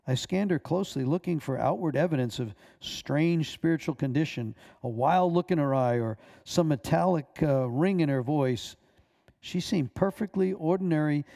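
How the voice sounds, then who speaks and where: A man who is a minister, reading a personal testimony aloud in a measured way, with small stumbles. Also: on the high side, mellow.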